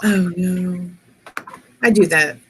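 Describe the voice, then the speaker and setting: A woman chatting casually with friends in a lilting, sing-song voice with a touch of rasp. She laughs often and talks with lively animation. Faint noise sits behind her voice. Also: lowish voice, slow. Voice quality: slightly raspy, coughs easily. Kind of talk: casual chat.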